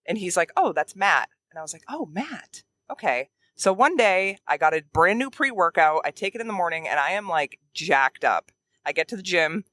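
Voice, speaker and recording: Woman, casual storyteller, swooping lively pitch, bright tone, acts out quotes, in a car. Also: normal speed, dry recording. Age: adult. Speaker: guest. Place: in a moving car.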